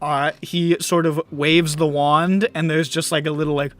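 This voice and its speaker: A man's voice: on the high side, flat delivery, moderate pace. A man acting as game master of a tabletop game, playful and laughing as he narrates. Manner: playful, laughing, spouting nonsense words.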